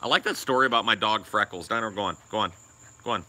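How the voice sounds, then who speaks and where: A man's voice: lowish voice, quick pace, sharp tone. A young man co-hosting a podcast, telling a rambling, crude story and swearing a lot. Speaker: podcast co-host.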